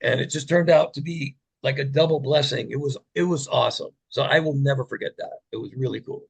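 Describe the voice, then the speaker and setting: Gravelly, husky-voiced man telling stories. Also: medium pitch, fairly quick, low-quality recording. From United States. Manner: enthusiastic, drops soft for quoted moments. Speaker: interview guest, former TV gladiator. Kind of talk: casual storytelling.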